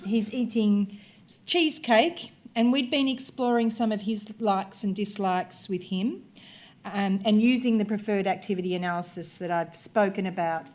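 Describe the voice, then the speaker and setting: A woman researcher giving a conversational workshop presentation, talking the audience through video examples. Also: a little high. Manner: conversational, explanatory, talks through clips.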